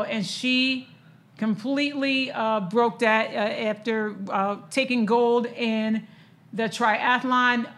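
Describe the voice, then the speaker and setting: A woman's voice: a little high, a bit bright. A woman, chatting casually about sports news, emotional and full of fillers and restarts.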